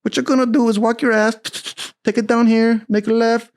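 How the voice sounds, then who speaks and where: A man voicing a disgusted male sailor who speaks in a halting way. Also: extremely high pitch, level tone, darkish tone, voice pushed up. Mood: instructing.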